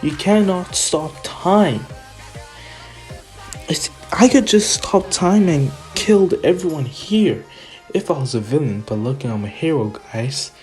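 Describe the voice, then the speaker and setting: A man voicing a cocky, calm young male hero who speaks smugly and teases his rival. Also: a little high, a little slow, soft background music, pitched above the performer's own voice. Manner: smug, teasing.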